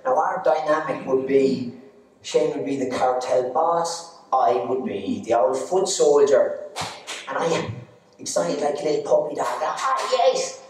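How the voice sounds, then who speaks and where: An Irish man doing live stand-up storytelling in an arts centre, animated and laughing at his own jokes. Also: mid-range voice, measured pace, a little hiss or hum. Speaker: stand-up comedian. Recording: echoey hall, distant mic.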